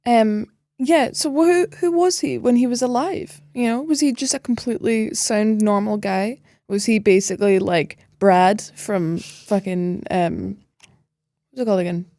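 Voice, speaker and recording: A woman's voice: mid-range voice, measured pace, dark tone, no echo, clean studio sound. A woman co-hosting a podcast, bantering and swearing freely in casual film chat. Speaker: podcast co-host.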